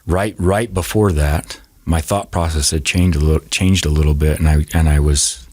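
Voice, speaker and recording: Male podcast guest: very low, husky voice, halting personal storytelling full of restarts, close and dry. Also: steady tone, darkish tone, no echo. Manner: halting, repeats and restarts words.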